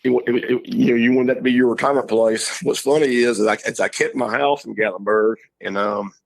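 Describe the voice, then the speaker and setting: A middle-aged man, a high school football coach telling stories in a casual interview, rambling and restarting his words. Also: steady tone, fairly quick, creaky, poor audio. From Georgia, USA.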